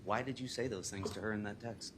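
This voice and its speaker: A defense lawyer questioning a witness in a courtroom, taking him step by step through a series of exhibits. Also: male voice, lowish voice, fairly quick, slight background noise. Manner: methodical, reads texts aloud then asks for replies.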